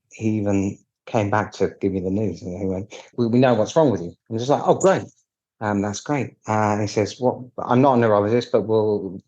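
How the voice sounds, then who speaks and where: A man from the UK talks through his story with wry candor, slipping into the voices of people he quotes. His voice sits low and has a husky, breathy edge. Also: a little mellow, highs cut off. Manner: candid, wry, acts out quoted dialogue with restarts. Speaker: piano technician guest. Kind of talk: casual storytelling interview.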